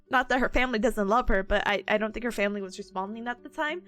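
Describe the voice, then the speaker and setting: A woman's voice: a little high, fast, few pauses, soft background music. A young woman streaming a study session, chatting casually with her viewers, laughing often and rambling between stories. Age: young adult. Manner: laughs often, talks to chat, lively and rambling. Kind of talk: casual live-stream chat.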